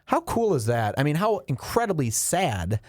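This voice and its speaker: Animated joking man on a podcast. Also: fairly high pitch, normal speed, no room sound, studio quality. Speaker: podcast co-host. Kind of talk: casual podcast banter.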